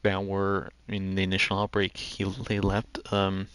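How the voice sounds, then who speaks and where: A man's voice: low voice, monotone, a little slow, a bit bright, slight background noise. A man giving rambling let's-play commentary as he plays a video game, often restarting his sentences. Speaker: gaming video host.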